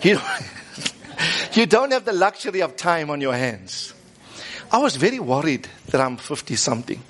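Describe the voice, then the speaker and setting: A man, preaching a lively sermon and coaxing the congregation to repeat lines after him. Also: on the high side, moderate pace. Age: 50s. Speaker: pastor.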